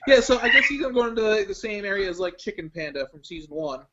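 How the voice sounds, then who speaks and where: Young man, high voice, animated storyteller, casual chat, dull lo-fi stream audio. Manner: animated storyteller, breaks into laughs. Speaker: guest contestant.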